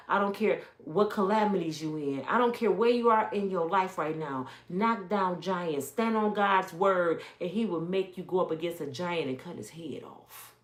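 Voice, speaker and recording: A woman's voice: lowish voice, moderate pace, few pauses, reverberant. A middle-aged woman giving a casual, emphatic motivational talk to viewers from her home. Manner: emphatic, storytelling, talks straight to viewers. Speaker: motivational speaker. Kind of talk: casual preaching live stream. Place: home, with kids in and out.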